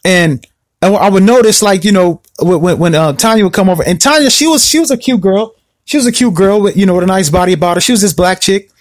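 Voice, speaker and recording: A man telling a personal story in a rambling, repetitive way, acting out his own past words. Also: fast. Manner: rambling, repeats himself, acts out his own past words with rising pitch. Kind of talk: casual storytelling.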